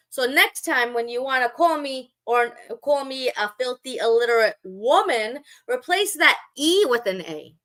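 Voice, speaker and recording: A woman's voice: high-pitched, animated, measured pace, hardly any pauses, fairly bright tone. A woman live-streaming, talking back to her chat in a sarcastic, mocking and scolding way. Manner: scolding, lecturing.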